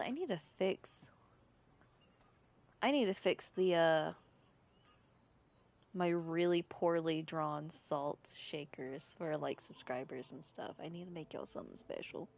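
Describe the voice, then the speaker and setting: A woman's voice: sits low, a little slow, gravelly, long pauses, a little mellow. A woman streamer with a rural American accent, chatting in a rambling, giggly, irreverent way. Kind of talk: casual live-stream chat. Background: faint game music.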